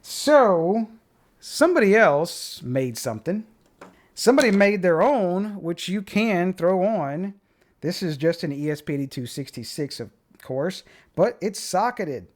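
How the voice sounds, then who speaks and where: A man's voice: sits high, animated, measured pace. A man hosting a casual gadget unboxing and review, rambling and opinionated with plenty of asides. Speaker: tech channel host.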